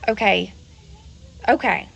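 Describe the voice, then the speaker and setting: A woman's voice: mid-range voice, slow, gravelly, a bit bright, rough recording. A woman venting to camera in an exasperated way, often repeating herself and swearing mildly.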